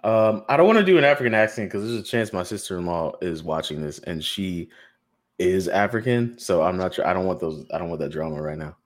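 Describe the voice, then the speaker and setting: A man's voice: deep voice, fairly quick. A man hosting a casual roundtable podcast, joking around and laughing easily. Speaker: podcast host.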